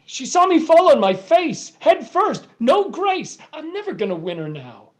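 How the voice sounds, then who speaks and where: A woman's voice: high-pitched, sing-song, a little slow. A woman reading the role of a lovesick young American man, earnest and prone to dramatic outbursts, over a video call. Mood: flustered.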